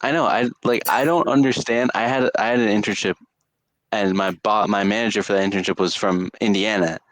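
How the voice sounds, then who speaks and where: A man's voice: lowish voice, steady tone, fairly quick, a bit bright, no room sound. A young man co-hosting a casual sports podcast, rambling with lots of fillers and restarts. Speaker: podcast co-host.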